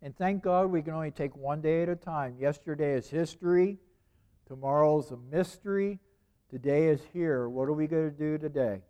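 A man's voice: on the high side, normal speed, dark tone, highs cut off. A man preaching a sermon in a conversational way, repeating phrases and asking rhetorical questions.

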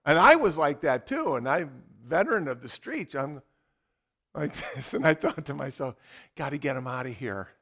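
Animated high-voiced male preacher. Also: normal speed. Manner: animated storytelling, dramatic. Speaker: pastor. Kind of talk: sermon.

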